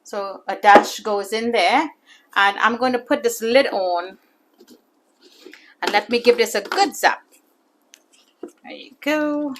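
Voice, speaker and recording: A woman from the Caribbean islands hosts a cooking channel, chatting casually through a demonstration in her home kitchen and calling her viewers foodies. Her voice is medium-pitched and a little slow, with long pauses and pleading emphasis. There is a little hiss or hum in the recording.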